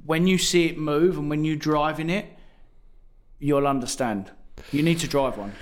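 A man with a slightly raised pitch talks cars in an easy podcast chat. He sounds enthusiastic and laughs often between his points. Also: normal speed. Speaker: podcast co-host. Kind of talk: casual car chat.

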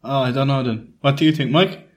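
A man's voice: medium pitch, fairly quick. A man co-hosting a podcast, chatting casually with dry, teasing jokes. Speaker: podcast co-host. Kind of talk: casual chat.

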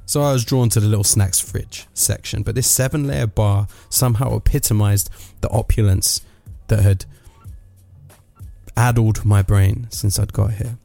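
A man's voice: on the low side, fairly even intonation, moderate pace, creaky, mellow, faint music behind. A man, delivering a sardonic, rambling comic monologue full of asides.

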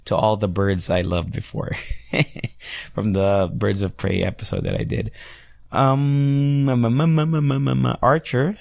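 Gravelly low-voiced man. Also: no room sound, clean studio sound. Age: 30s. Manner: rambling, chatty, swears freely. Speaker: podcast host and radio DJ. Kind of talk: casual solo podcast chat.

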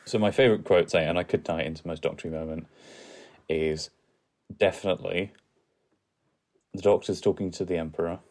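A man co-hosting a podcast, chatting in a relaxed, easygoing way. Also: deep voice, brisk, long pauses. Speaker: podcast co-host. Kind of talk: casual chat.

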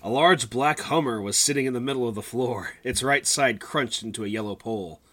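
A man's voice: medium pitch, brisk, pushed and bright. A man hosting a podcast, reading a story he wrote years ago and breaking off with laughing asides. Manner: laughs often, interrupts his own reading with asides. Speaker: podcast host reading his old story. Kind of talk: casual chat with read-aloud fiction.

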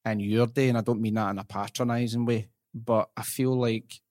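A young Scottish man hosts a podcast in a casual chat. His voice sits at a middle pitch. He tells stories in a lively, animated way and moves along quickly. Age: young adult. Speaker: podcast host.

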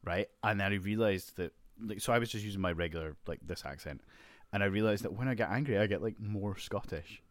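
A man's voice: on the low side, a little fast, no echo, clean studio sound. A man co-hosting a casual podcast over a video call, rambling with many fillers. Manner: rambling, hesitant. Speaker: podcast co-host.

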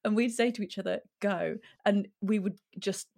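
A woman's voice: medium pitch, fairly even intonation, fairly quick, creaky, darkish tone. A woman from England, a podcast guest, chatting casually and giggling often. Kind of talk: casual chat.

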